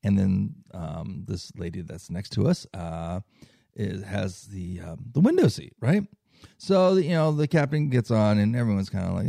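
A man's voice: sits low, moderate pace, creaky, dark tone, breathy edge, no room sound. A man telling a long personal travel story in casual chat, rambling with many fillers and tag questions. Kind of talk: casual anecdote.

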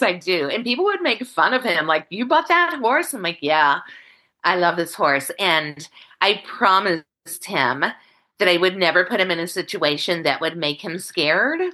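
A woman telling a personal story in an interview, candid and halting, choked up and close to tears, speaking over a video call. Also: fairly low pitch, pushed and bright. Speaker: guest.

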